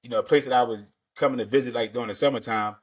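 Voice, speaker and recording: A man's voice: mid-range voice, fairly even intonation, racing, over a noisy crowd. A man hosting a podcast in casual interview chat, laid-back and slangy, often repeating words as he gathers his thoughts. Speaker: podcast host.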